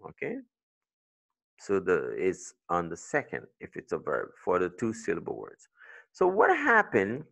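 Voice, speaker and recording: Gravelly low-voiced male English teacher. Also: huge pitch swings, fairly bright tone. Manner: explains slowly, switching between English and French. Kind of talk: bilingual language lesson.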